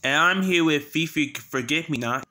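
A man voicing a cheerful young boy tiger from a children's cartoon, in a sing-song, gentle manner. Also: fairly high pitch, normal speed, a little hiss or hum. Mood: friendly. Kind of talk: fan imitation of a children's cartoon.

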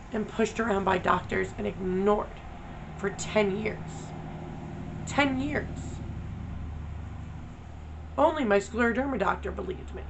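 A woman's voice: mid-range voice, creaky, noisy background. A woman vlogger talking candidly, blunt and profane, venting her frustration. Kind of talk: candid personal vlog.

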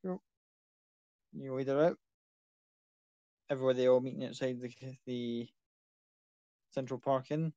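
Casual game master, dry close sound. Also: male voice, medium pitch, fairly even intonation, unhurried, long pauses, dark tone, no room sound, dull audio. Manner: casual, loose narration with restarts. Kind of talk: narrating a tabletop game.

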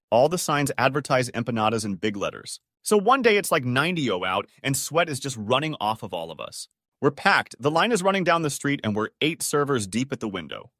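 Man reading stories with a lively voice. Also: medium pitch, no echo, clean studio sound. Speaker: story narrator. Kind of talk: scripted narration of online stories.

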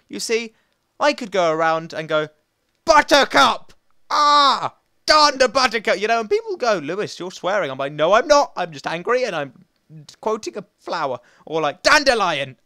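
Goofy, animated young gamer. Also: male voice, a little high, no echo. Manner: playful, goofy, swings between loud outbursts and muttering. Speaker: gaming commentator. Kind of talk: gameplay commentary.

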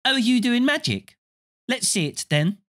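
A man reading aloud voices a bossy, fast-talking know-it-all schoolgirl in a storybook. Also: very high-pitched, sing-song, a bit bright, pitched above the performer's own voice, exaggerated voice. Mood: bossy eager. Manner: rapid and bossy.

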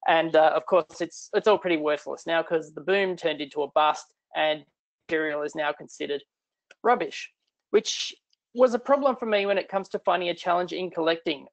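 A man's voice: a little high, normal speed, vocal fry. A middle-aged man with an Australian accent giving a chatty, irreverent online talk from home. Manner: chatty, irreverent, self-deprecating. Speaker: guest speaker.

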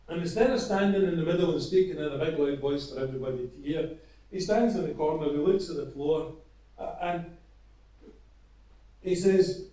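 A man preaching an evangelistic sermon, retelling a parable earnestly with halting restarts. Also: a little high, dark tone. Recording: echoey, from far off.

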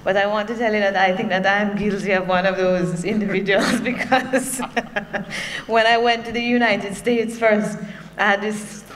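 A woman with a Jamaican accent addresses a conference workshop in a relaxed, conversational way and drops humorous personal asides between her points. Her voice carries a long hall reverb. A faint hum runs underneath. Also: medium pitch, a little slow. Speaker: workshop presenter from a bank. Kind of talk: conference speech.

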